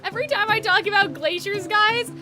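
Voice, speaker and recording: Very high-voiced rambling woman streamer. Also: fairly quick, sharp tone. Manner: rambling, swears freely, laughs at her own jokes. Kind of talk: casual game commentary. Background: game music.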